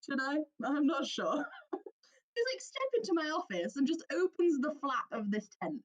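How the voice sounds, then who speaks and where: A woman from England co-hosting a podcast, telling an animated story with plenty of laughter and quoted voices. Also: sits high, normal speed, dull audio. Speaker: podcast co-host. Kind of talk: casual chat, storytelling.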